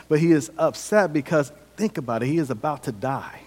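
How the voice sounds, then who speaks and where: A male pastor delivering a sermon in a relaxed, conversational way, breaking into jokes and acted scenes. His voice sits fairly high for a man. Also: a little fast, few pauses. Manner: conversational, humorous, acts out scenes.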